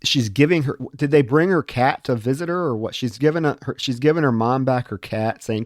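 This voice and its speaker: A man's voice: medium pitch, fairly quick, few pauses, a little mellow, no echo, studio quality. A man co-hosting a podcast, recapping a film in a rambling, casual way with some swearing. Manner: rambling plot recap with profanity. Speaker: podcast co-host.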